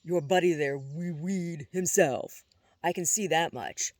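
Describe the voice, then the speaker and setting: A man voicing a tough, flat-voiced angry woman. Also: fairly high pitch, unhurried, no echo. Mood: flat anger. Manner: flat, hard, sarcastic.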